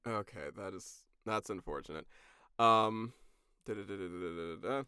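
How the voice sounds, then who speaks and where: A man co-hosting a podcast, recapping a cartoon episode in a casual, sarcastic, animated way. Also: fairly low pitch, normal speed, clear, resonant tone, no room sound, clean studio sound. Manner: animated, sarcastic storytelling with profanity. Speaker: podcast co-host.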